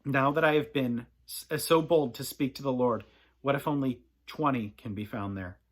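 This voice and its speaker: A man's voice: medium pitch, moderate pace, natural voice. A man reading the lines of a humble aged patriarch, pleading earnestly and hesitantly.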